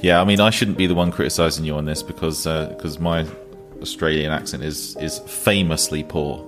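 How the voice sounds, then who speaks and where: Deep-voiced man, chatty banter. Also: fairly even intonation, fairly quick, music in the background. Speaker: podcast co-host. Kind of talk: casual chat.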